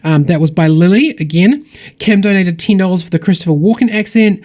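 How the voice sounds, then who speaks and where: A man with a slightly high voice hosts a charity stream and reads out donors one after another. His delivery is upbeat and rambling, and he keeps thanking people. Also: animated, brisk, a little mellow. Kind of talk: casual livestream donation shout-outs.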